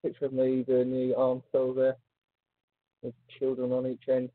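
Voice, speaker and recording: A man's voice: medium pitch, normal speed, dry recording. Teasing man on a tinny lo-fi line. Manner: teasing, joking, animated. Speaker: podcast co-host. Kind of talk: casual banter. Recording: phone-like lo-fi line.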